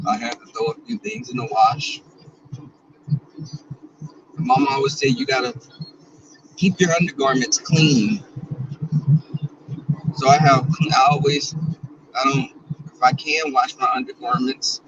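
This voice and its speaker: A man's voice: medium pitch, unhurried, long pauses, distant mic, muffled recording, noisy background. A man, chatting casually and bawdily to viewers while he drives. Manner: chatty, bawdy and playful, talks to viewers and reads out their comments. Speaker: vlogger. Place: in a car.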